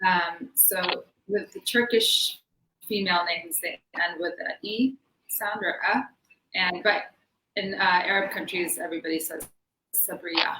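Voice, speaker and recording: A woman's voice: lowish voice, measured pace, pushed and bright, a little hiss or hum. Chatty woman on an echoey video call. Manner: chatty, laughing often, many fillers. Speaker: interview guest, belly dancer. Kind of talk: casual video-call interview. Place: home room in Sweden.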